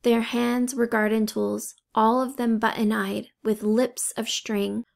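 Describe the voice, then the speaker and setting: A woman reads a storybook aloud in a calm, measured way. Her voice is fairly high and gravelly. She takes her time. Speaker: audiobook reader. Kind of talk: storybook narration.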